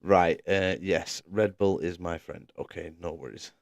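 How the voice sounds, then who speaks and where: A man's voice: low voice, fairly even intonation, measured pace, gravelly, dry recording. A man commentating a sim racing league live stream, chatting casually, laughing often and reading out viewers' messages.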